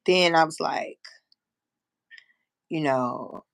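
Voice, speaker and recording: A woman in her fifties tells a personal story on her live stream, blunt and salty, acting out each side of a conversation. Her voice sits low with a gravelly edge, and the sound is close and dry with no room around it. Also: drawn-out words, no room sound. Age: 50s. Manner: frank, profane, animated storyteller who acts out quotes. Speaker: livestream host. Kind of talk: casual storytelling chat.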